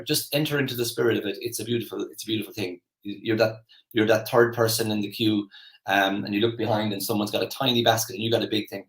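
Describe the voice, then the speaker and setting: A man's voice: on the low side, steady tone, quick pace, roomy sound, poor audio. An Irish man giving a casual motivational talk, chatty and rambling with lots of restarts and fillers. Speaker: motivational speaker.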